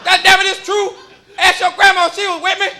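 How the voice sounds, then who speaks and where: A man's voice: extremely high pitch, flat delivery, fairly quick, pushed and bright, a little hiss or hum, pitched above the performer's own voice, exaggerated voice. A man doing a hollering, half-deaf old grandpa. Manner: hollering, boastful. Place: comedy club stage.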